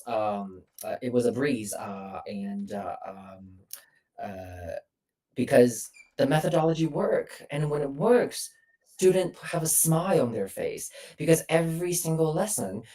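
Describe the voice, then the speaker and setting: A woman voice coach, sitting back from her mic on a remote call, so she sounds a little distant. Her voice sits low, yet her inflection moves up and down a lot as she explains. She pauses often with "uh" and "um" while working through her points. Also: dark tone. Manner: explains with many hesitations and fillers. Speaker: voice coach, guest. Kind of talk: instructive interview answers.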